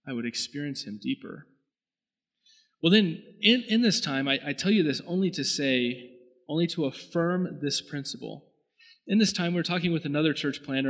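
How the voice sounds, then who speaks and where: A man's voice: mid-range voice, fairly bright tone, poor audio. A man, preaching a sermon as pastor in a conversational, storytelling way that rises into emphatic bursts.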